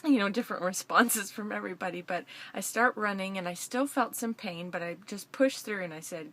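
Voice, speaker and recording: A young woman vlogger giving an emotional personal testimony to camera, excited and laughing through her words. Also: mid-range voice, normal speed.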